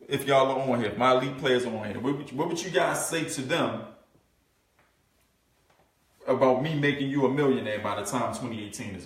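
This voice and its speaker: A middle-aged man giving a motivational business coaching talk, emphatic and preachy, with casual slangy grammar and a constant "you know what I'm saying". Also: mid-range voice. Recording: roomy and distant from the mic.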